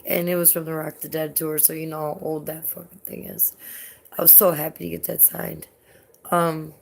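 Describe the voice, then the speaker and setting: Young woman vlogging, low gravelly voice, rambles with lots of "like" and swearing. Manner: rambling, heavy use of "like", swears often. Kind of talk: casual storytelling vlog.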